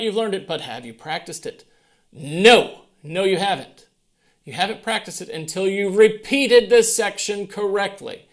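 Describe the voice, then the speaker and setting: A man's voice: high voice, measured pace, creaky. A man teaching a piano lesson, patiently counting beats aloud with a playful manner. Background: piano playing.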